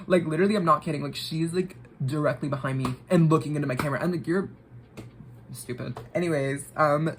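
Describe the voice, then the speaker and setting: A woman's voice: deep voice, a little hiss or hum, rough recording. A young woman vlogger telling a story while getting ready, rambling with lots of filler words and swearing.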